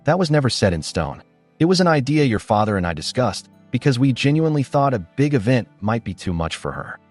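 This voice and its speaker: A man reading the lines of a resentful, defensive stepmother, curt and sharp-tongued. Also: mid-range voice, very animated, fairly quick, soft background music, voice pushed up.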